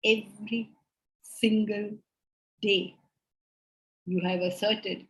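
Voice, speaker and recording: A woman's voice: mid-range voice, expressive, slow, lo-fi sound. A woman teaching a philosophy class, making emphatic points and putting rhetorical questions to her students. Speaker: spiritual teacher.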